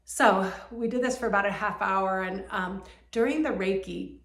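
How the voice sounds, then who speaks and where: A woman's voice: medium pitch, moderate pace, fairly bright tone. A woman who works as a Reiki healer, earnestly telling a heartfelt personal story. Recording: roomy echo.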